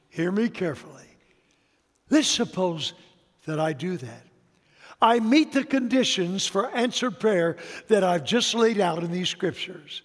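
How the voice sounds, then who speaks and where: Male pastor, sermon delivery, high voice, punchy and conversational, long hall reverb. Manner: emphatic, swings between loud and soft. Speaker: preacher.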